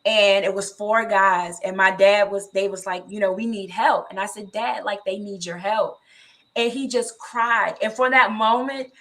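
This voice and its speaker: Woman co-host, bright voice, earnest faith-talk storyteller. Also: medium pitch. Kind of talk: faith-based casual talk.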